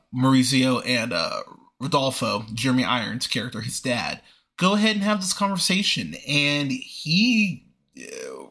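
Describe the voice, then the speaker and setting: A man's voice: mid-range voice, sharp tone. Chatty male podcast film reviewer. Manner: conversational, frequent fillers and restarts. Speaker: movie review podcast host. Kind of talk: casual spoken film review.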